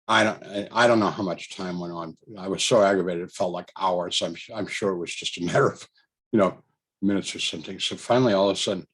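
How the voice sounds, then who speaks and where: A man's voice: low voice, husky. A man casually telling a personal story, rambling with fillers, restarts and chuckles. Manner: chuckles between thoughts. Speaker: storyteller recounting a personal experience.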